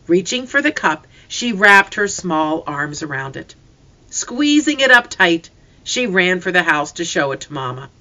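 Bright, expressive storybook narrator. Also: mid-range voice, highs cut off. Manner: expressive reading. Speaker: audiobook narrator. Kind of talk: scripted first-person storybook narration.

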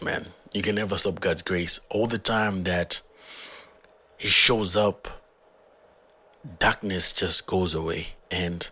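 A hoarse man from Zambia, earnestly talking through his own song in a casual, rambling way. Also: deep voice, pushed and bright. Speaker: musician.

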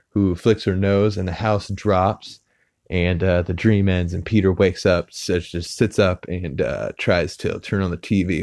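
Man, podcast host, deep voice, rambling casual recap, lots of fillers, dry sound. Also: vocal fry, darkish tone, dry recording. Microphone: podcast mic.

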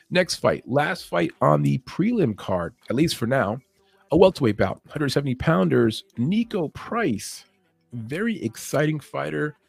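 The voice is a little high, expressive, gravelly, and husky, recorded with no echo. It belongs to an MMA betting analyst casually discussing fight betting lines in podcast fashion, who talks fast and loose, restarts often, and chuckles at his points.

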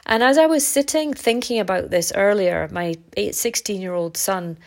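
A middle-aged woman hosts a podcast in a casual, reflective monologue, speaking at a normal speed. She sounds congested and stuffy-nosed, and her chatty, candid talk features lively upward jumps in pitch.

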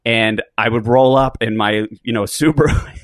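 A man's voice: mid-range voice, normal speed, dry recording. Rambling joking man, dry sound. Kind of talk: casual chat.

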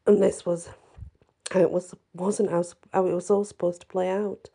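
A woman narrating a dark fairy tale in a measured, somber reading. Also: fairly low pitch, flat delivery, vocal fry, husky. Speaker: storyteller.

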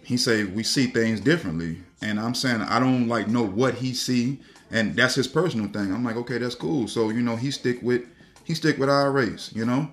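A man rambles through a profane story in a loose podcast chat, laughing and circling back on his own words. His voice sits at an ordinary middle pitch, and faint music plays underneath. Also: moderate pace, fairly bright tone. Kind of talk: casual storytelling rant.

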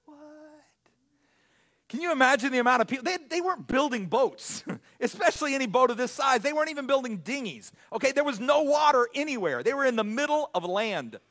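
A man preaching a sermon as pastor, animated, often stumbling over his words and restarting. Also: very high-pitched, a little fast. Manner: animated, self-correcting preacher with frequent restarts.

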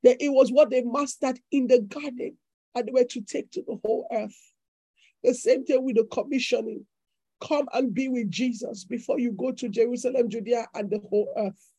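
A woman's voice: a little high, fairly even intonation, moderate pace, warm tone, breathy edge, no room sound, low-quality recording. A woman preacher delivering a fervent sermon with repeated declarations.

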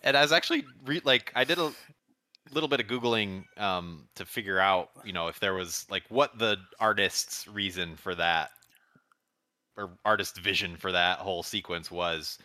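A man's voice: deep voice, moderate pace, bright, forceful tone. A man co-hosting a casual podcast chat, telling a story with rambling restarts and frequent laughs. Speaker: podcast co-host.

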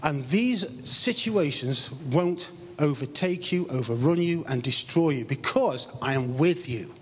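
A man's voice: on the high side, expressive, unhurried, slight background noise. A man with an English accent preaching a sermon as the church's pastor, earnest, stretching out key phrases for emphasis. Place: church hall. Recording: live stream with long hall reverb.

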